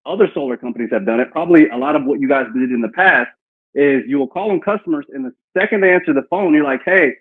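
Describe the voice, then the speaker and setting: A man coaches a team on cold-call lines during a live sales training session, acting out phone talk at a quick pace. His voice is mid-range and husky, and the audio sounds tinny like a phone call.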